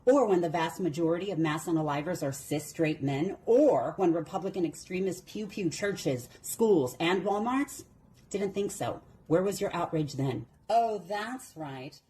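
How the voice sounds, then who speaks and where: A woman answering clips with mocking, sarcastic commentary. Her voice is a little low and mellow, over a faint noise floor. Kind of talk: reaction commentary.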